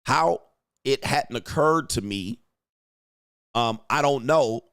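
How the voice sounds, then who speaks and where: A man's voice: mid-range voice, expressive, takes it slowly, fairly bright tone, smooth, no room sound, studio quality. A young adult man, a dating coach, hosts a casual livestream, reading out viewer donations and commenting in a blunt, slangy, profane way.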